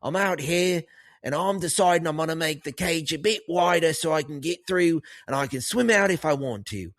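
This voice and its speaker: A man's voice: on the high side, normal speed, a bit bright, dry recording, studio quality, pitched above the performer's own voice, close to an everyday voice. A man putting on an offhand, breezy diver voice with a put-on accent. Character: carefree male diver, mock accent.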